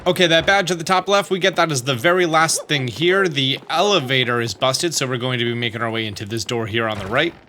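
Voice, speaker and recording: A man's voice: mid-range voice, brisk, hardly any pauses, bright, forceful tone, soft background music. A man hosting a video game walkthrough, explaining steps in a casual manner.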